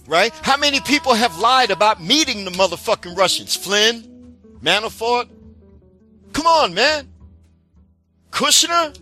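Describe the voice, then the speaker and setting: Guy ranting about politics, swears nonstop, sarcastic, bright punchy voice. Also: high voice. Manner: heated, profane, sarcastic. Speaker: political commentator. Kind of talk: profane political rant.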